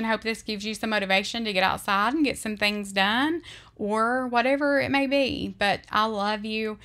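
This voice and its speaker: A woman vlogger talking earnestly about faith and friendship, speaking with heartfelt emotion and often slowing down to stress her words. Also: fairly high pitch, pushed and bright. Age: adult. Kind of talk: heartfelt faith-based vlog talk.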